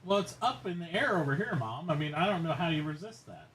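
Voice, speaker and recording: A male streamer chatting from home, easygoing and quick to joke. His voice is a touch higher than most men's and moves up and down a lot. A faint hum of background noise sits under it. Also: big pitch swings, a bit bright. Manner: easygoing, joking, laughs while talking. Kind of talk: casual chat over voice call. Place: home, with a pet nearby.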